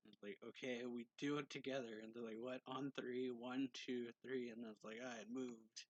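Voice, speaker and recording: A man's voice: mid-range voice, little pitch movement, moderate pace, no echo, low-quality recording. Man casually recapping a manga chapter. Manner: retells scenes loosely, acting out characters' lines with slight lifts. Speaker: manga reviewer.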